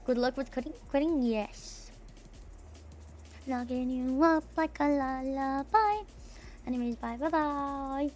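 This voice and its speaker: Young woman VTuber, raspy and tomboyish, a bit high-pitched, loose and chatty on a home desk mic. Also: a little hiss or hum. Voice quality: slightly raspy, tomboyish rasp. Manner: chatty and loose, swears casually, laughs often. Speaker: VTuber streamer. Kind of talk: casual livestream chat, reading out chat messages. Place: home room. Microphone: desk streaming mic.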